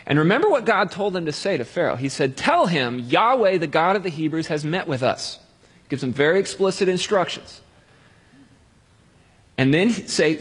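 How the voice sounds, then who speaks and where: A man's voice: mid-range voice, breathy edge, big-room sound. A man preaching a sermon in a conversational way, with jokey everyday analogies.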